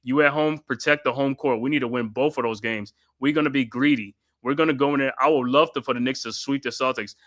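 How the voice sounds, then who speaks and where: A man from New York hosting a live stream of excited postgame fan commentary, trash-talking and constantly repeating his catchphrases. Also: medium pitch, quick pace, few pauses. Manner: laughs often, trash-talking rival fans. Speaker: sports live-stream host.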